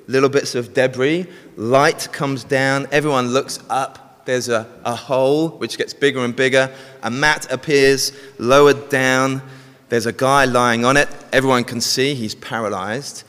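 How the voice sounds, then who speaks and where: Male preacher, storytelling sermon, medium pitch, long reverb of a church hall. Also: fairly bright tone. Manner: storytelling, asks the congregation questions.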